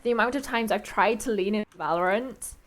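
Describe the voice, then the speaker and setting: A woman's voice: medium pitch, brisk. A young woman casting esports, making casual chat between games with frequent giggles. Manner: chatty, giggly, trailing off. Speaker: esports caster.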